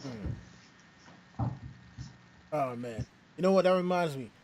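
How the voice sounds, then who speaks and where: Rambling man with a higher voice. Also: lively intonation, slow, crowd noise. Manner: rambling, full of restarts and laughter. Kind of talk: casual table chat.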